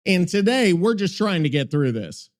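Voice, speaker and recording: High-pitched, exasperated swearing podcast host. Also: male voice, big pitch swings, moderate pace. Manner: exasperated, profane, rambling, breaks into yelps. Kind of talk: casual chat.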